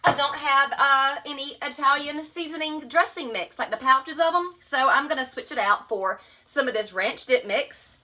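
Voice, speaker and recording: Woman, Southern US accent, home cooking vlog, talks to viewers as y'all, crisp bright voice. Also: high voice, moderate pace, hardly any pauses, low-quality recording. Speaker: home cook. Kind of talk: casual cooking vlog narration. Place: home kitchen at the stove.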